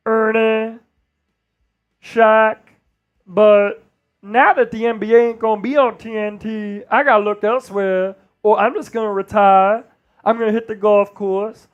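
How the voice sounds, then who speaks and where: A man doing an impression of a loud, older male sports analyst with a slow drawl. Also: high-pitched, smooth, muffled recording.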